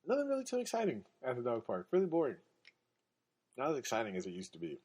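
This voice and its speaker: A man's voice: medium pitch, huge pitch swings, fast, a little mellow, husky. A man hosting a podcast, telling a casual story in a laid-back way, laughing often and acting out quotes. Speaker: podcast host.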